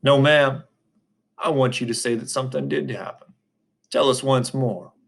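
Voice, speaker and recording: A man reading aloud, voicing a calm, methodical middle-aged lawyer who asks measured, probing questions. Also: mid-range voice, gravelly, slightly rough.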